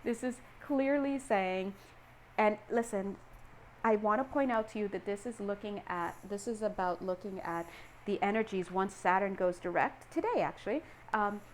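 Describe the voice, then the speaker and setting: A woman giving a casual tarot reading, animated and playful, acting out little scenes and laughing often. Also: mid-range voice, normal speed, a little hiss or hum. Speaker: tarot reader.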